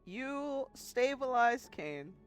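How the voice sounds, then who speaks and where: A woman's voice: high voice, very animated, extremely slow, faint music behind. A woman running a tabletop game as dungeon master, narrating in a casual, chatty way and swearing freely.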